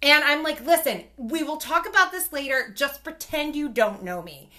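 A woman in her thirties telling a casual story in a chat, animated and swearing, acting out the voices of the people in it. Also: sits high, normal speed.

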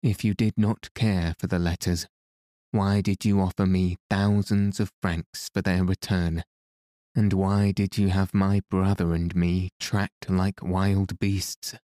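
A man's voice: low voice, flat delivery, slow, mellow, dry recording, clean studio sound. A man reading the lines of a defiant, sneering male swindler in an audiobook.

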